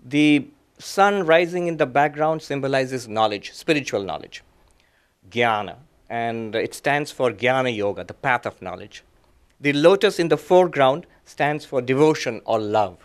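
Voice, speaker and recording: A middle-aged man, a monk, giving a talk that mixes teaching with personal stories, in short phrases with frequent pauses and soft chuckles. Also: mid-range voice, lively intonation, clear, resonant tone. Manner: gentle, reflective, chuckles softly at his own anecdotes. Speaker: monk and guest speaker. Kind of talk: lecture with personal storytelling.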